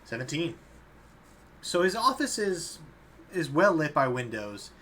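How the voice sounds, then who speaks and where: A man's voice: a little high, sing-song, a little slow, fairly bright tone, slight background noise. Young man narrating as dungeon master. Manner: laughs easily, loose casual narration. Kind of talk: narrating a tabletop game.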